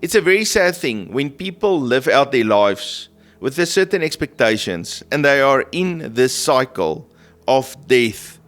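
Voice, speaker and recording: A man preaching a prophetic sermon in a gentle, earnest manner, often checking in with "okay?" and "right?". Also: medium pitch, big pitch swings, unhurried, faint music behind. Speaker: prophetic minister. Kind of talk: sermon teaching.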